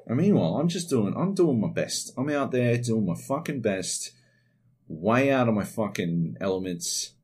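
Low-voiced, animated Australian man. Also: normal speed, husky. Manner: rambling, heavy swearing, animated. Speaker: podcast host. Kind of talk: casual solo podcast monologue.

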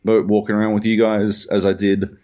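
A man's voice: fairly low pitch, level tone, brisk, warm tone. A young man chats casually on a podcast. He rambles through anecdotes, swears freely and breaks into laughter often. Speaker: podcast co-host. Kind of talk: casual chat.

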